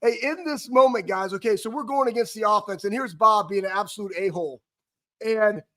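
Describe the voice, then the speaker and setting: A man in his forties co-hosting a talk show, telling a rambling, animated story with lots of stumbles and restarts. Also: high-pitched, brisk. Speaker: co-host, former player.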